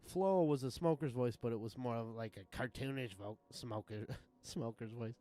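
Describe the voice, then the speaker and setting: Man streamer, casual profane rambler, chuckles a lot, mid-range pitch, desk mic at home. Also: moderate pace, mellow. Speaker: game streamer. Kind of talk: casual live-stream chat.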